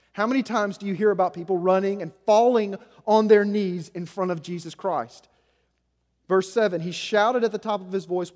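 A man preaching a sermon as senior pastor, swinging between loud emphasis and hushed, low passages. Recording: long hall reverb.

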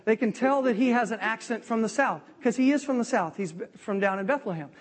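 Guy preaching a bible story, high voice, chatty and animated, keeps asking the crowd if they follow. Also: a little fast. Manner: lively, conversational, checks in with the audience. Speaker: preacher teaching a Bible lesson.

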